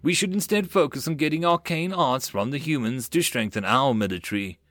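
A man's voice: medium pitch, a little fast, fairly bright tone, no echo, natural voice. A man voicing a shrewd, blunt female fleet master in a matter-of-fact way. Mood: firm.

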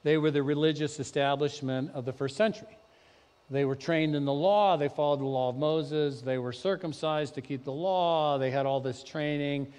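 A man preaching a sermon, talking conversationally and then rising to loud, emphatic peaks. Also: on the high side, fairly even intonation, moderate pace, smooth, long reverb tail. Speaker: pastor. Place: church sanctuary.

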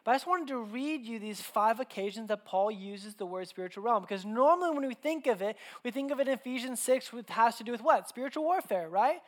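A young man preaching a sermon, telling personal stories in an animated, conversational way with frequent restarts. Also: extremely high pitch, brisk, hardly any pauses.

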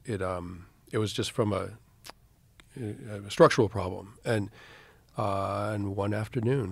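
Low gravelly man, guest on a podcast. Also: no echo. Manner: measured recounting with fillers. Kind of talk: casual interview talk.

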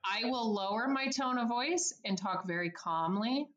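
A woman's voice: a little high, animated, moderate pace, a bit bright, highs cut off. Bubbly, laughing woman in a roomy space. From United States. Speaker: service advisor. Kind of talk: podcast interview.

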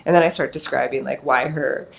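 A middle-aged woman hosting a casual storytelling podcast, chatty and animated, leaning on "like" a lot. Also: very deep voice, a little fast, gravelly. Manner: chatty, animated, heavy use of "like". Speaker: podcast host. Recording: slightly dull lo-fi recording with faint noise.

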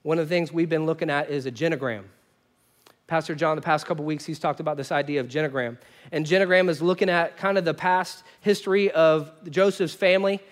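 Male pastor, high voice, lively sermon storyteller, loud-to-hushed swings. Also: fairly quick. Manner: animated storytelling, wide swings between loud bursts and quiet asides.

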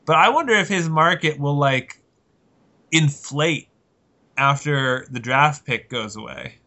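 A man's voice: a little high, a little slow, sharp tone. A man co-hosting a casual sports podcast, trading playful teasing banter. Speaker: podcast co-host. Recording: dull lo-fi sound.

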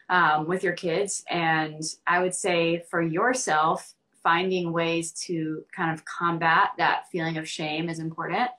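A young woman from Arkansas talks as a podcast guest, loose and earnest, leaning on ums and likes. Her voice sits a little low but sounds bright and forward. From Central Arkansas. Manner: earnest, many ums and likes, laughs easily. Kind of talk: casual podcast conversation.

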